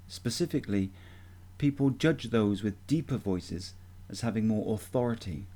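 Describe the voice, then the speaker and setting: A man giving a measured, deliberate instructional talk as a voice coach. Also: on the low side, warm tone.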